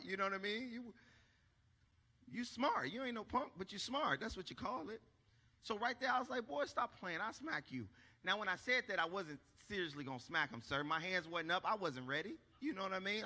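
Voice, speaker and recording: A man telling a stand-up story on a church stage, animated, acting out shouts and asking the crowd if they follow. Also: high-pitched, big-room sound. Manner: animated, acts out shouts, asks the crowd for agreement. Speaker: stand-up comedian.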